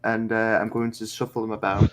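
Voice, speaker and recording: A man's voice: on the low side, little pitch movement, brisk. A man playing in a casual tabletop game, laying out his character's moves step by step. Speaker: player.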